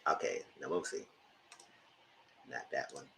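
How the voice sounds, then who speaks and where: Animated man in casual commentary. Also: rumbling low, measured pace, creaky. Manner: reads text messages aloud and reacts. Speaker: commentary vlogger.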